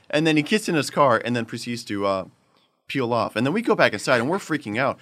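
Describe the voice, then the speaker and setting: A man telling a long story in casual chat, animated and laughing often as he acts out the voices of the people in it. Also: medium pitch, quick pace. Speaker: podcast host telling a story.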